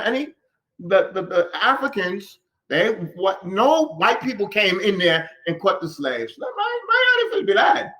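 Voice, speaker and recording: A man with a fairly high, very lively voice teaches a religious class in a mosque. He keeps throwing questions at the people in front of him and hammers points home by saying them again and again. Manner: animated, fires rhetorical questions at listeners; repeats phrases for emphasis. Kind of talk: classroom-style religious lesson. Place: mosque hall.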